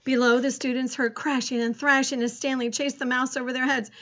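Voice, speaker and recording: A woman reading a children's storybook aloud in an expressive way. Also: sits high, a little fast. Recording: dull lo-fi recording.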